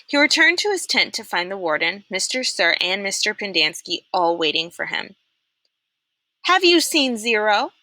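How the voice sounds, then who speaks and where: Bright young woman reading a chapter book aloud. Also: lowish voice, normal speed, few pauses, no room sound. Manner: expressive, animated reading that puts on voices. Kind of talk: read-aloud of a children's novel.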